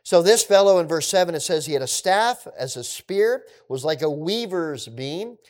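Guy teaching scripture, chatty and laid back, sorta high voice. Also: normal speed. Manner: relaxed, chatty asides. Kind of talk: conversational Bible teaching.

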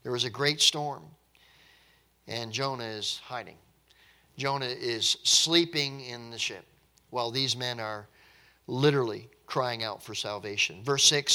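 A man's voice: medium pitch, unhurried, sharp tone. A man preaching a conversational, emphatic sermon, often repeating his words as he explains.

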